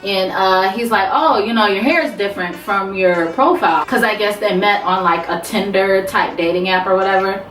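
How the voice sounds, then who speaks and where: A woman's voice: medium pitch, normal speed, few pauses, distant mic, faint music behind. Profane woman recapping a TV show. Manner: profane, animated, talks back to characters. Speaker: TV recap vlogger. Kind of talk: casual recap with quoted voices. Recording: roomy sound, away from mic.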